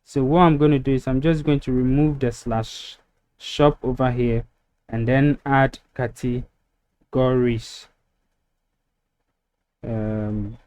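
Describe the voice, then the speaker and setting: A man walking through a website-building tutorial step by step, relaxed and filler-heavy, recorded on a desktop mic over a screen recording. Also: mid-range voice. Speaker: web design tutor.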